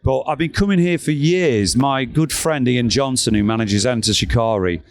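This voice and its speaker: A man's voice: mid-range voice, normal speed. Man telling stories. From England, East Midlands. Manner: animated, acts out quoted voices, swears freely. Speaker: guest. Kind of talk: anecdotal storytelling. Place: backstage at a rock festival.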